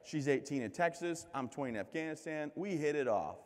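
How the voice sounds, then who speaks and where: A man in his thirties from the United States giving a keynote speech as a string of comic stories, joking and poking fun at himself, with lively voices for the people he quotes. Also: a little high, a little fast. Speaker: keynote speaker. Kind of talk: comedic storytelling speech. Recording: reverberant hall.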